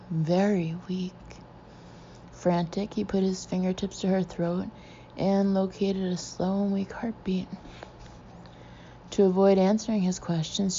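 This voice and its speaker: A woman narrating a suspense novel in a measured reading, in a dull lo-fi recording. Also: mid-range voice, mellow, a little hiss or hum. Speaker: audiobook narrator. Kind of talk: scripted narration.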